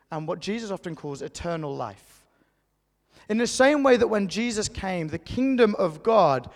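A man preaches to his congregation in an easy, conversational way. His voice sits high and has a gravelly edge. It rings out with the long reverb of a church hall. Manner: conversational, animated storytelling preacher. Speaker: pastor. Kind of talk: sermon.

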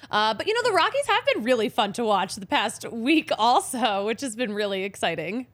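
A woman's voice: on the high side, big pitch swings, brisk, fairly bright tone. A woman co-hosting a casual sports podcast, talking in a playful, easygoing way. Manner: playful, laughs easily. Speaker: podcast co-host.

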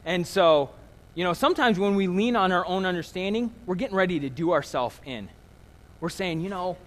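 A man's voice: on the high side, a bit bright. A man in his thirties preaching a casual, conversational sermon as a pastor, telling stories with self-deprecating humor. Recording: long hall reverb.

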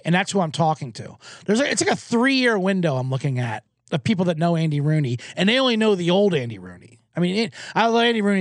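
Excitable, rambling male podcast host. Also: a little high, gravelly, dry recording, studio quality. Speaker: podcast host and sports bettor. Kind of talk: casual sports betting rant. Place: small booth, alone.

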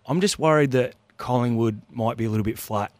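Laid-back ex-footballer on radio. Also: male voice, mid-range voice, a little fast, dry recording. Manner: laid-back, self-deprecating. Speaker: radio co-host and former footballer. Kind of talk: casual radio banter and sports analysis. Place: radio studio.

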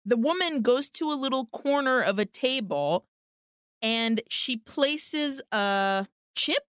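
Brief: woman podcast co-host, animated storyteller, slightly high, smooth crisp voice, dry close sound. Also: takes it slowly, dry recording. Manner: animated retelling, acting out characters' lines, swearing. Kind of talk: casual film recap chat.

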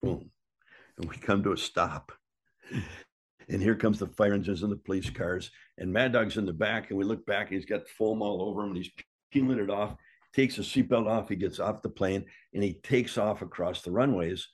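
A man's voice: lowish voice, moderate pace, husky. An older man, a former wrestler, casually telling a story, acting out what people said and swearing freely. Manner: lively yarn-spinner who acts out quotes and swears freely.

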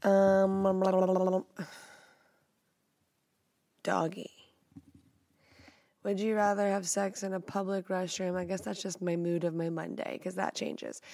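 A woman's voice: medium pitch, level tone, slow pace, gravelly, long pauses, warm tone, no room sound, studio quality. A young woman hosting a podcast, answering questions in a blunt, playful, self-mocking casual chat. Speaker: podcast host.

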